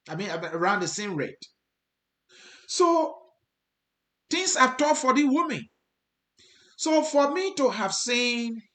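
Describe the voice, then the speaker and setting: Earnest and repetitive for emphasis, a Liberian man hosts commentary aimed at his viewers. The voice is high, pushed and bright, captured in a roomy, echoey recording.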